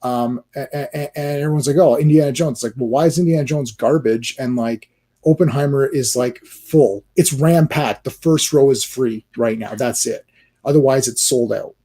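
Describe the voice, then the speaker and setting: A man's voice: mid-range voice, normal speed, dark tone. A man hosting a casual livestream, ranting animatedly about movies with many restarts and fillers. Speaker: livestream host.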